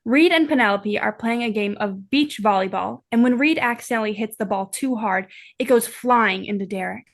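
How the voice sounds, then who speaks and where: A woman's voice: mid-range voice, normal speed, hardly any pauses. A woman from the United States reading aloud a short fan fiction her group wrote for a games night.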